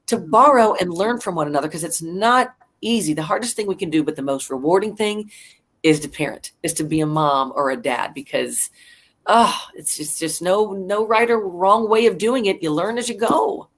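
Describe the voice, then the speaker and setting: Brief: middle-aged woman, panel guest, candid, self-mocking, animated chat. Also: on the low side, moderate pace.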